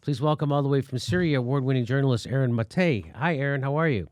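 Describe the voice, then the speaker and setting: A man hosting a political commentary show, talking in an animated, mocking and profane way. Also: mid-range voice, fast, no room sound, studio quality. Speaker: show host.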